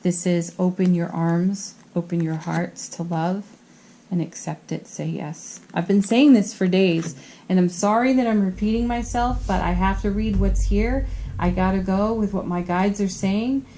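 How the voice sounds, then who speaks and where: A woman doing a tarot card reading, earnest and gentle, tired, often giggling at herself. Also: mid-range voice, fairly even intonation, a little slow, slight background noise. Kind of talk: spiritual card reading to camera.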